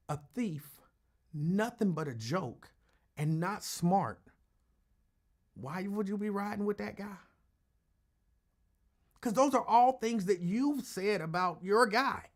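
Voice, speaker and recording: A man's voice: sits high, animated, slow pace, long pauses. A man hosting a call-in talk show, giving casual commentary in an emphatic, argumentative way and repeating his points for effect.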